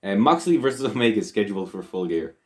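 A man's voice: fairly low pitch, animated, quick pace. A man co-hosting a podcast in casual chat, blunt and teasing, giving firm opinions with the odd swear word. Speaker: podcast co-host.

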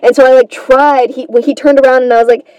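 A woman's voice: high-pitched, level tone, fast talker, darkish tone, clean tone, no echo, low-quality recording. A woman hosting a comedy podcast, telling a rambling, self-deprecating story in a casual monologue and swearing freely.

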